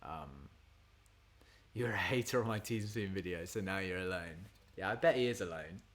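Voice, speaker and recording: Male singer-songwriter, casual livestream chat, animated pitch, rambly. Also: normal speed. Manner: rambling, chatty, lots of fillers. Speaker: singer-songwriter streaming to supporters.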